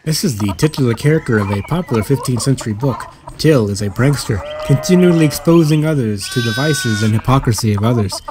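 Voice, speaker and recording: A man's voice: mid-range voice, expressive, fairly quick, hardly any pauses, over music. A man casually commenting while playing a story game, wry and offhand. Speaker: game streamer. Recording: game audio with sheep behind.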